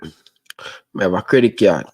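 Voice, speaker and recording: A man with a Jamaican accent hosting a casual chat, telling stories in relaxed patois. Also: deep voice, slow pace, husky.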